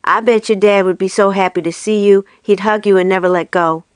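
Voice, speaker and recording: A woman voicing an awkward, gentle male snowman in a storybook reading, plaintive and chatty. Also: mid-range voice, fairly even intonation, brisk, clean tone, no echo, studio quality, natural voice. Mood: wistful.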